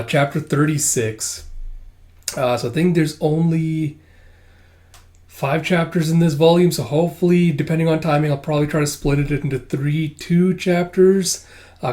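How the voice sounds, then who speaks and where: A man's voice: on the high side, steady tone, moderate pace, darkish tone. A man casually reading along with a comic book and commenting, chatty with lots of fillers and some swearing. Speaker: comic book reader and reviewer.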